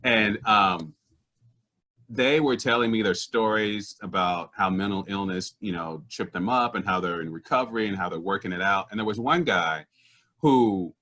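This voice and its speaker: A man speaking as a guest comedian, earnest and indignant as he tells true stories. His voice sits low yet rings bright and forceful. He slips easily into voices for the people he describes. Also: normal speed. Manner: animated, acts out other people's voices in stories; earnest and indignant about social issues. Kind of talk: conversational storytelling.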